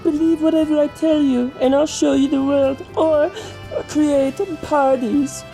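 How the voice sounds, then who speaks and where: A man playing a grandiose, cryptic eccentric who speaks in slow, dramatic, mocking proclamations. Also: very high-pitched, level tone, vocal fry, dark tone, exaggerated voice. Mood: lofty. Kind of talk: mockumentary comedy acting. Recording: echoey room with faint music.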